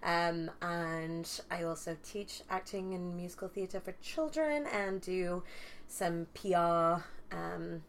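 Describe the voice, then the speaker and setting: A woman's voice: fairly low pitch, takes it slowly, a little hiss or hum. A young woman from northeast England, chatting casually as a podcast guest, with lots of fillers and restarts. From Newcastle upon Tyne, England. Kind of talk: casual chat.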